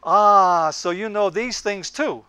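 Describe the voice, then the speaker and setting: A man's voice: high voice, slow pace, bright, forceful tone, smooth, no echo, voice pushed up, full character voice. A man in his seventies imitating his Hungarian-accented immigrant mother in broken English. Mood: knowing. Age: 70s.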